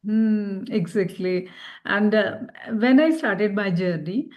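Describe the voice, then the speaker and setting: A woman's voice: medium pitch, slow pace, muffled recording. A woman hosting a casual interview, encouraging her guest and laughing easily. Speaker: interview host.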